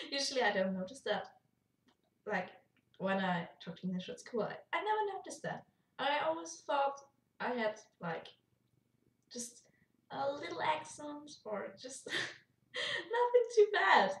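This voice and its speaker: A young woman with a German accent, chatting casually in a rambling vlog and laughing often. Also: sits high. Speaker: YouTuber. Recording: echoey room, far from mic.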